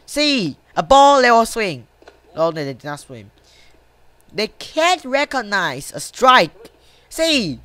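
Slow-talking woman grumbling over a game. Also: medium pitch, sing-song, fairly bright tone, no echo. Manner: swears often, grumbles at the game; talks to self and viewers between plays. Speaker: gamer. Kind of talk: casual gameplay commentary.

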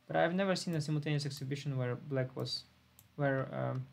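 A man's voice: mid-range voice, brisk, vocal fry. A laid-back man thinking aloud as he plays an online chess simul on a live stream. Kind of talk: live-stream commentary while playing.

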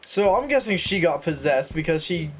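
A man's voice: fairly high pitch, lively intonation, moderate pace, slight background noise. A young man chatting and joking through a video game, reading notes aloud as he goes. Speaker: gaming YouTuber. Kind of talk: let's play commentary.

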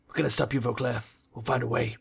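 A man doing a low, menacing shadowrunner. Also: level tone, fast, creaky, husky, full character voice. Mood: threatening.

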